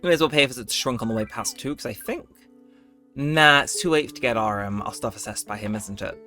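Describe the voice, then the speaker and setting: A man's voice: medium pitch, brisk, bright, forceful tone. A man hosting a late-night gameplay video, chatting in a rambling, laid-back way. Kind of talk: casual let's-play commentary. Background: faint game music.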